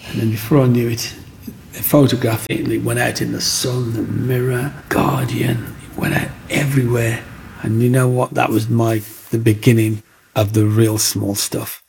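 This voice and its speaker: A middle-aged man tells his story in an interview, voicing the other people in it as he goes. His voice is thick with gravel and fry, and a faint hiss sits under the recording. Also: medium pitch, moderate pace. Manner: animated storyteller acting out other people's lines.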